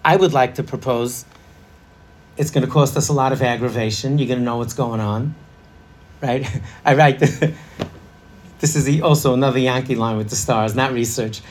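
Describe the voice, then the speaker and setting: A man's voice: medium pitch, fairly even intonation, moderate pace, long pauses. A middle-aged man leading an interactive parenting workshop, chatty and laughing, quizzing a live audience.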